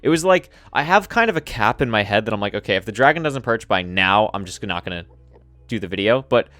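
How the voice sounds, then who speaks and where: A man's voice: fairly low pitch, expressive, brisk, a bit bright, no echo. A young man giving casual, chatty commentary over his own gameplay, rambling with restarts and self-deprecating asides. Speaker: gaming YouTuber. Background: faint background music.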